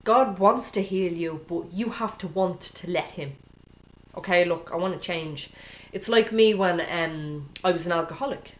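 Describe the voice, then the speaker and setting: A woman's voice: lowish voice, a little slow, echoey room. A woman giving an informal, earnest sermon to camera as a Christian video preacher, speaking directly and often checking in with "okay?".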